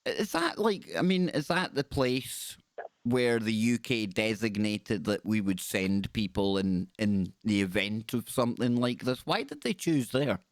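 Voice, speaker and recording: A man's voice: on the low side, lively intonation, measured pace, no echo. Upbeat male call-in radio host. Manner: chatty, upbeat, repeats words. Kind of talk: live call-in radio chat.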